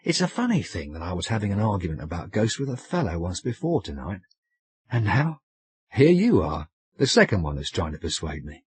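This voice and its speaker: Male reader doing a rough plain-spoken sailor lad, fumbling and colloquial, husky voice, lively pitch. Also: brisk, dry recording, heavily acted. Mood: bluff. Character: bluff, simple young male sailor, humouring and awkward. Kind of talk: audiobook character voice.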